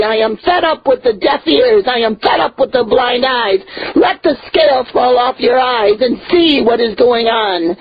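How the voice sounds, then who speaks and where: A woman's voice: a little high, slightly rough, dry recording, muffled recording. A woman leading a ministry, delivering an impassioned sermon of rebuke with a voice breaking into tears, repeating words for emphasis. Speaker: prophet and ministry leader.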